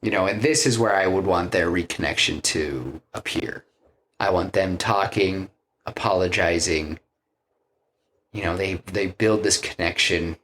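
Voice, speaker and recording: A man's voice: deep voice, a little slow, a bit bright, slight background noise. A man casually retelling a film plot on a podcast, rambling with many fillers and restarts. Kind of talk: casual chat, retelling a story.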